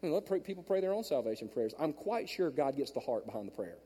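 A male pastor preaching a sermon through a handheld mic in a large church auditorium, storytelling and swinging from hushed asides to loud emphatic peaks. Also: fairly high pitch, big pitch swings, quick pace, big-room sound, a little hiss or hum.

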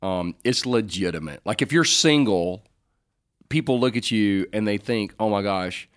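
A man's voice: fairly low pitch, expressive, unhurried. A middle-aged man co-hosting a casual faith advice chat, joking and rambling as he answers listener questions. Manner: joking, rambling, self-correcting.

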